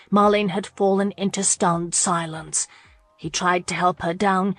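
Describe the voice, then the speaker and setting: A woman narrating a historical romance audiobook in a steady, measured way. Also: fairly low pitch, dry recording.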